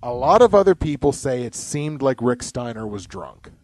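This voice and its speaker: A man's voice: medium pitch, huge pitch swings, moderate pace, gravelly, a little mellow, no room sound. A man co-hosting a podcast in casual chat, rambling, swearing and joking. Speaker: podcast co-host. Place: home basement.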